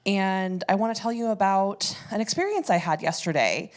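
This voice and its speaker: A woman from a community theater speaking off the cuff at a church service, emotional, halting and laughing between phrases as she thanks the congregation. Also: medium pitch. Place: church sanctuary.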